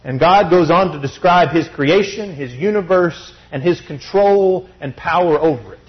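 A man preaching a sermon, expressive and teaching, often asking rhetorical questions. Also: a little high, moderate pace, highs cut off.

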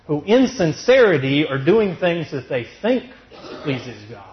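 A man preaching a sermon, firing rhetorical questions and then answering them himself. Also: fairly high pitch. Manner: emphatic rhetorical questions, then calmer and gentle. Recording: dull lo-fi recording.

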